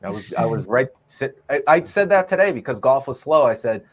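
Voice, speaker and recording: Playful co-host from the Boston area with a lively, swooping voice. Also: male voice, medium pitch, fairly quick. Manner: joking, playful. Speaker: co-host sculptor. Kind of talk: casual podcast banter.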